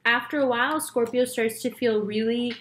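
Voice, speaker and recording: A woman's voice: fairly high pitch, moderate pace, fairly bright tone, slight background noise. A young woman, a tarot reader, chatting to her viewers in a casual monologue and acting out the voices in her story.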